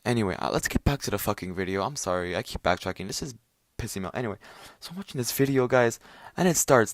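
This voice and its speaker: A man's voice: fairly low pitch, no room sound, clean studio sound. A man hosting his own podcast, ranting casually with lots of swearing, fillers and restarts. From Italian family. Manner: profane, rambling, many fillers and restarts. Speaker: podcast host. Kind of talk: casual rant.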